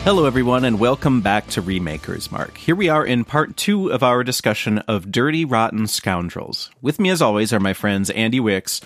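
A man's voice: fairly low pitch, very animated, moderate pace, hardly any pauses, a bit bright, faint music behind. A man hosting a casual podcast chat, joking and laughing often with his friends. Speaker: podcast host.

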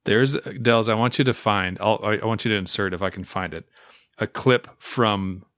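A man's voice: fairly low pitch, moderate pace, no room sound, studio quality. A man co-hosting a casual movie podcast who talks appreciatively and jokes around. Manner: warmly appreciative, jokey. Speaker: podcast co-host. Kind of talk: casual movie-review chat.

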